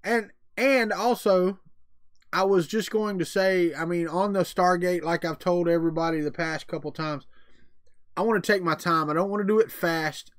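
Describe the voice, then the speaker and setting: A middle-aged man with a drawl talks in a folksy, chatty way, reacting to his live chat between thoughts. His voice sits a little high for a man. The sound is dry and close, with no room echo. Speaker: livestream host. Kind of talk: casual live-stream chat.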